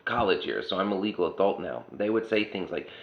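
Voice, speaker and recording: A deep, creaky, expressive voice goes a little fast as this Pennsylvania vlogger rants. His casual monologue is sarcastic and blunt with free swearing, recorded with roomy, dull lo-fi sound.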